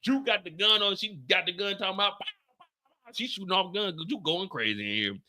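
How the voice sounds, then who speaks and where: A man recapping a TV episode in animated reaction commentary, loud, profane and joking. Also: sits high, fast.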